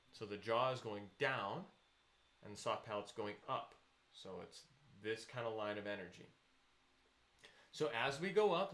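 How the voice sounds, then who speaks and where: A man's voice: medium pitch, fairly bright tone, roomy sound. A man teaching a voice lesson, patiently explaining vocal technique and counting students into exercises.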